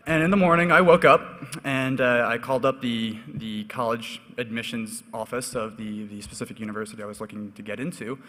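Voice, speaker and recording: A young man on a conference panel, telling a relaxed, self-deprecating story to the audience. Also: medium pitch, a little fast, few pauses. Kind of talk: anecdotal storytelling on stage. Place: conference hall stage. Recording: echoey hall.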